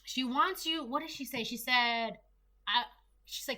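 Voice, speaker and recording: A young woman talks through a tarot reading in a loose, rambling way, full of fillers and restarts. Her voice is bright and clear and sits a little high. She sounds like a casual solo reader chatting to her viewers. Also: measured pace.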